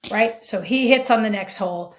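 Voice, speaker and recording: A middle-aged woman tells a story on a podcast in a lively, unfiltered way, and she swears freely. She acts out each person in the story with shifting voices. Her pitch sits in an ordinary middle range. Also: moderate pace. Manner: animated storyteller, acting out quoted lines, frank and profane. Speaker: podcast co-host, former police chief. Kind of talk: casual storytelling chat.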